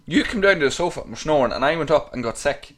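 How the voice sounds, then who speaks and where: Man, lively, coughing through it. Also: a little high, fast. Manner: crude, swearing, laughing storyteller. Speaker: podcast co-host. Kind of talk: casual chat.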